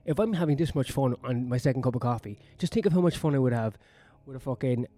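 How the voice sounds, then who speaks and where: A man's voice: mid-range voice, fast, mellow. A man ranting in a sweary, sardonic, rambling monologue as a comedian vlogging on his own.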